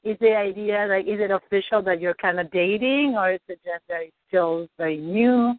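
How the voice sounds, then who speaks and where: A woman coaching a client through a tapping session, asking gentle, probing questions. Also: mid-range voice, normal speed, dry recording. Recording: dry tinny phone-like line.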